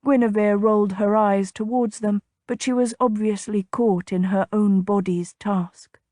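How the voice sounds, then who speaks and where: Woman audiobook narrator, medium pitch, unhurried even delivery, dry booth sound. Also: no room sound. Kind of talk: scripted romance narration.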